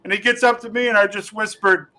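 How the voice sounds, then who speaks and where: A man with a high, bright voice, chatting as a comedian guest on a podcast. He rambles through his stories with plenty of fillers and restarts, laughing along as he goes. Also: steady tone, fast, a little hiss or hum, low-quality recording. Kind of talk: casual podcast chat, telling funny stories.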